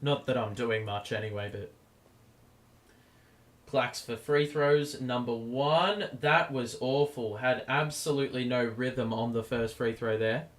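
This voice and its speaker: A man hosts a live stream and calls the game play by play. His commentary is casual, and his voice is going hoarse. He lifts sharply in volume and pitch whenever a big play happens. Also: unhurried. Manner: casual, gets loud over big plays. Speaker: stream host.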